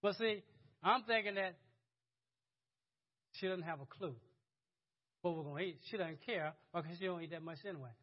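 A man's voice: high voice, normal speed, long pauses, lo-fi sound. A man preaching a sermon in a conversational, chuckling way, often repeating words as he goes. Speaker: pastor.

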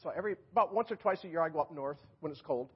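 A man's voice: fairly high pitch, lively intonation, racing, breathy edge, highs cut off. A man preaching as a guest speaker in a church, chatty and joking as he talks to the congregation. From New York. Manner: chatty, joking preacher who laughs at his own jokes. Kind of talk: sermon. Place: church sanctuary.

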